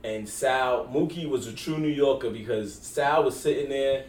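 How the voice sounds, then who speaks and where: A man's voice: mid-range voice, normal speed, darkish tone. A man co-hosting a casual movie discussion, telling stories and acting out scenes in slangy voices. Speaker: podcast co-host. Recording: roomy, distant mic with faint background noise.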